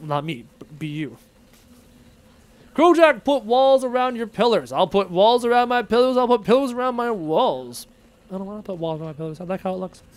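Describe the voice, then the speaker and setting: A young man live-streaming a game, casually reading chat messages aloud and answering them playfully. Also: high voice. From Irish descent.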